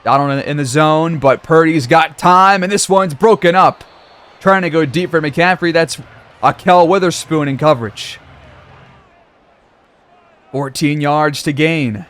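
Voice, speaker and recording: A man giving play-by-play commentary over a football video game, reacting loudly to big plays. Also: fairly high pitch, a little slow. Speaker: gaming commentator.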